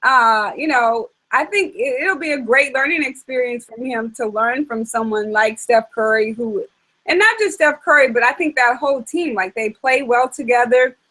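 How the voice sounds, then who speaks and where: Host: woman, high bright voice, opinionated, casual and emphatic. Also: normal speed, low-quality recording. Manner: emphatic, opinionated, lots of fillers. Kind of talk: casual chat show.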